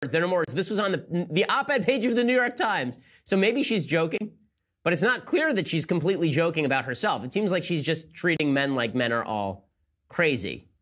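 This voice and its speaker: A man hosting a commentary show, firing off his points at a very quick clip. His voice sits a bit high for a man, and his tone is sarcastic and incredulous. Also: big pitch swings, fairly bright tone. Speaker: political commentary show host. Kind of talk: rapid-fire commentary.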